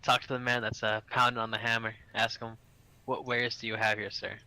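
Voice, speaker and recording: A man playing a tabletop game, talking casually and giving gruff lines in character. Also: mid-range voice, level tone, a little fast, bright, forceful tone, dry recording. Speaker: player. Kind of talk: tabletop role-play.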